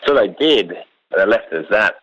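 A young Australian man, a cattle station worker, telling a long story in a relaxed, rambling way and laughing often. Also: fairly low pitch, normal speed, slightly rough, lo-fi sound. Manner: laid-back, rambling, laughs often, quotes others in lively voices. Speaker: cattle station ringer, guest. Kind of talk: casual storytelling.

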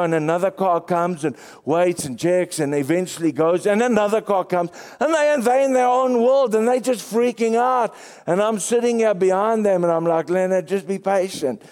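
A male pastor preaching a sermon, swinging between excited highs and hushed lows. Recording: long reverb.

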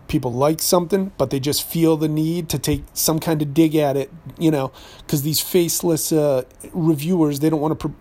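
A man from New Hampshire hosting a podcast, ranting in a sarcastic, animated way, often stumbling and correcting himself as he goes. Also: fairly high pitch. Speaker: podcast host and voice actor.

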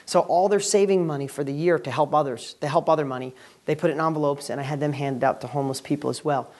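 A man hosting a weekly video and speaking to camera as a real estate educator, giving an energetic, upbeat motivational talk. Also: on the high side, quick pace.

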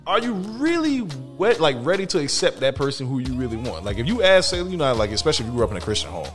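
A man's voice: mid-range voice, sing-song, fast talker, soft background music. A young man co-hosting a podcast in loose, joking casual chat, swearing freely. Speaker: podcast co-host.

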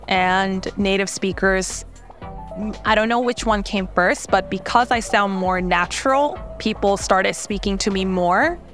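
A young woman whose first language is Korean speaks with a light Korean accent in a relaxed interview. She talks freely, leans on fillers and laughs between thoughts. Faint music plays under her voice. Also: medium pitch. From South Korea. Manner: chatty, many fillers, laughs often. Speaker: startup founder, interview guest. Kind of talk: casual interview talk.

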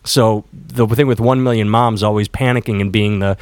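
A man's voice: on the low side, steady tone, moderate pace, a little mellow, clear, resonant tone, dry recording. Candid profane male podcast co-host. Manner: candid, profane, storytelling with acted quotes. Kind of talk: casual podcast chat.

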